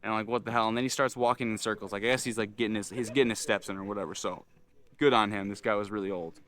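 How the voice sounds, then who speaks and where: A man's voice: on the low side, rapid-fire. Ranting young man telling a story. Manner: animated, swearing, frustrated ranting. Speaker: vlogger.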